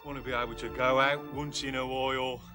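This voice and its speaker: An actor as a plodding Brummie husband, broad Birmingham accent, 1990s advert, music under. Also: male voice, medium pitch, flat delivery, fairly quick, lightly acted. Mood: content. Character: dim, homely Brummie husband, middle-aged.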